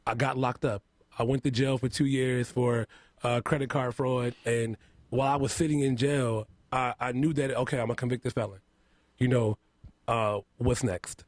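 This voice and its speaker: A man's voice: mid-range voice, fairly even intonation, normal speed, no echo. A man with a lisp, a guest on a casual radio interview, talking candidly, laughing often and repeating himself. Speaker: interview guest, makeup artist. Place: radio studio.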